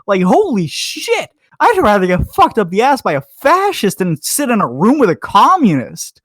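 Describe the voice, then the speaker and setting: A drunk man cohosting a podcast, ranting loudly with constant swearing and mocking laughs. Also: high-pitched, huge pitch swings, moderate pace, hardly any pauses, breathy edge, no echo, clean studio sound. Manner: loud, swearing, mocking, laughs between insults. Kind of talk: drunken profane rant.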